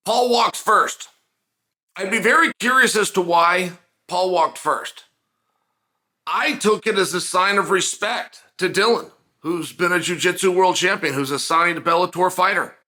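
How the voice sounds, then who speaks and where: Middle-aged male host, casual fight analysis, high bright voice, emphatic and repetitive. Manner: energetic, emphatic, repeats phrases. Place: closet at home.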